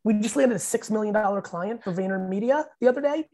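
A man's voice: sits high, fast, mellow. A man in his fifties, a podcast guest, telling profane, emphatic stories in casual chat and acting out what people said. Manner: profane, emphatic storyteller who acts out quotes.

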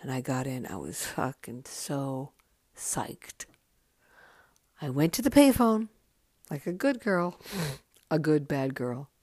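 Low-voiced, profane woman telling stories. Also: big pitch swings, slow, long pauses, darkish tone, no echo, studio quality. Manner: candid, profane and chatty. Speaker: podcast host. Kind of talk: casual memoir storytelling.

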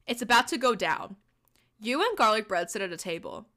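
A woman's voice: medium pitch, normal speed, fairly bright tone. A young woman hosting a podcast, reading a silly fanfiction aloud with playful, laughing asides. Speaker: podcast host.

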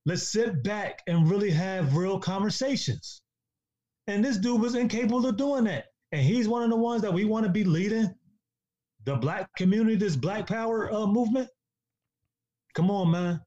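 A man's voice: high voice, lively intonation, moderate pace, mellow. A man in a casual podcast discussion, talking in an emphatic, preachy way and repeating himself for stress. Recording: dull lo-fi sound.

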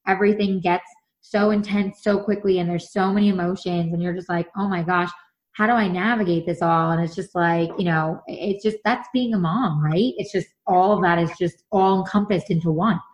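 Chatty and animated, a woman in her thirties co-hosts a casual conversation, relaying stories and performing other people's quotes. She speaks in a lowish voice at a moderate pace, and the audio has its highs cut off.

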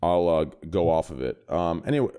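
A man's voice: deep voice, animated, fairly quick, dark tone, smooth. A man hosting a casual podcast, introducing guests with rambling jokes. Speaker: podcast host.

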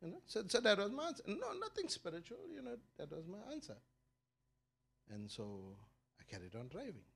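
A middle-aged man preaching a sermon as pastor, with his voice swelling loud and high on key points and then dropping low, often repeating words as he builds a thought. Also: wildly swooping pitch, normal speed, gravelly, slightly rough. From South Africa.

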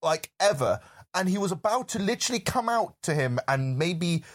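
A podcast co-host in a casual film discussion, talking in an animated, rambling way full of "like" and "literally", with swearing. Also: mid-range voice, moderate pace.

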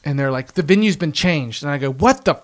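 Late-20s man, slightly high voice, animated casual storyteller who acts out quotes. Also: fast talker.

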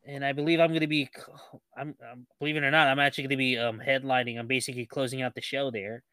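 A man's voice: mid-range voice, level tone, fast talker, bright, forceful tone, clear, resonant tone, dry recording. A comedian from Guam, a man, talking casually as a podcast guest and listing his upcoming shows with many fillers. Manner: upbeat, self-promoting, hesitant fillers. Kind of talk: casual interview chat.

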